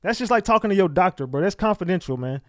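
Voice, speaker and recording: A man's voice: sits high, expressive, fast talker, a bit bright, no room sound. A man hosting a casual livestream, talking over gossip and firing rhetorical questions at viewers. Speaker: livestream host.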